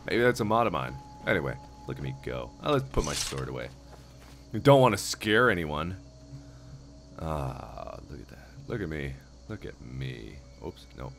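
An excitable young man in his twenties riffing jokily over his gameplay. His voice is very deep but lively, with big swings in pitch. He talks as a let's play host. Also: normal speed, gravelly, noisy background. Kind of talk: gameplay commentary.

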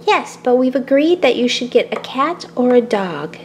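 A woman voicing a calm, kindly father bunny in a toy play-acting video, gentle and measured. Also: a little high, a little hiss or hum.

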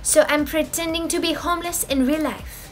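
A woman voicing a bearded male method actor posing as a homeless man, in a put-on French accent, begging slowly. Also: high-pitched, steady tone, soft background music, pitched above the performer's own voice, lightly acted. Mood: secretive.

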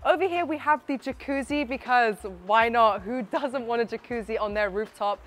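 A woman's voice: on the high side, moderate pace, a bit bright. Enthusiastic woman giving a house tour. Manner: enthusiastic, chatty, addresses viewer directly. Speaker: real estate presenter. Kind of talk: property tour walkthrough. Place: inside a townhouse and on its rooftop terrace.

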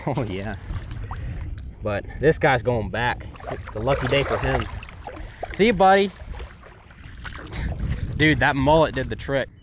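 A man's voice: medium pitch, slow, long pauses. Guy on a boat hyped about fishing, voice jumping all over, lotta wind and water noise. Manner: excitable, exclaiming often. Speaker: fishing vlogger. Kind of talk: excited outdoor fishing vlog. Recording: noisy outdoor boat audio.

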